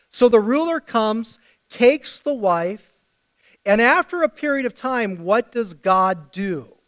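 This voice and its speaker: A man's voice: sits high, fairly bright tone. A middle-aged male pastor preaching a sermon, telling the story and putting questions to the congregation.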